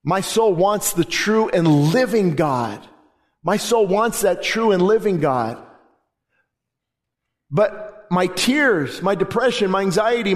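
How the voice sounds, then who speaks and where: Male pastor, fervent sermon, emphatic repetition, high-pitched voice, long hall reverb. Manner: fervent, emphatic preaching with repeated phrases. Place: church sanctuary.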